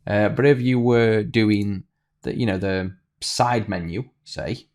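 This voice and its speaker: A man's voice: on the low side, steady tone, slow pace, darkish tone. A man teaching a coding tutorial over a screen recording, thinking aloud with fillers and restarts. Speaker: programming tutor.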